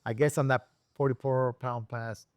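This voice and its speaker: A man from Rico, a guest and engine builder telling a story in a casual interview, acting out the people he quotes with sudden high voices. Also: normal speed, dry recording. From Puerto Rico. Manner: animated storyteller who acts out quoted people with jumps in pitch.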